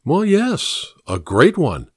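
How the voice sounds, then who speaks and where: A man's voice: fairly high pitch, wildly swooping pitch, slow, a little mellow, husky, dry recording, clean studio sound, pitched above the performer's own voice, exaggerated voice. Man voicing a protective, worried mother. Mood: indignant. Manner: pleading then stern, protective. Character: worried, firm mother, woman in her thirties.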